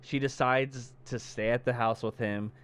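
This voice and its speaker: With a clean tone and medium pitch, a male podcast co-host talks a little slowly as he recounts a movie's story. He acts out the characters animatedly, cursing heavily throughout.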